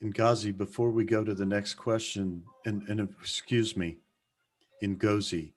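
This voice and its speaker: A man's voice: fairly low pitch, fairly even intonation, measured pace. A man moderating a group mentoring call, friendly and self-deprecating. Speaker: session moderator.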